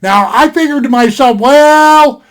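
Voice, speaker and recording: A man's voice: very high voice, measured pace, a bit bright. An older man giving a casual sit-down knife review at his desk on a webcam, rambling and folksy, repeating himself and spelling out words. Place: indoors at a desk.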